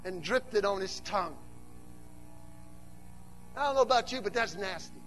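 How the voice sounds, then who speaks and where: A man preaching a sermon to a church, mixing humorous asides with animated build-ups that rise to shouts. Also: high-pitched, moderate pace, soft background music.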